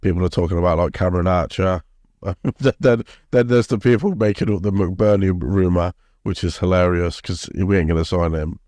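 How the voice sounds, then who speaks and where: A man's voice: deep voice, fairly quick, a little mellow, dry recording, clean studio sound. A man co-hosting a football podcast, rambling and swearing, laughing often. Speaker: podcast co-host. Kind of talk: casual football chat.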